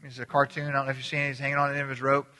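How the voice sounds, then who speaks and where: Delivering a sermon, this pastor is lively and conversational, breaking into small character voices marked by abrupt pitch jumps. His speech is halting, full of restarted sentences and repeated words. A long reverb from the hall hangs on everything.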